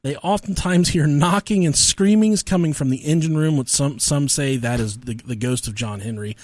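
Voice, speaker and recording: A man's voice: a little high, normal speed, darkish tone. Profane, laughing podcast storyteller, a man. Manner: profane, laughs often while telling stories. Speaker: podcast co-host. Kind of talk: casual comedic storytelling.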